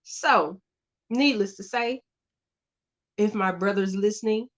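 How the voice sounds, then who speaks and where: Slow-talking, chatty woman host. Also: mid-range voice. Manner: chatty, halting, many fillers and restarts. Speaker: podcast host. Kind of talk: casual storytelling chat.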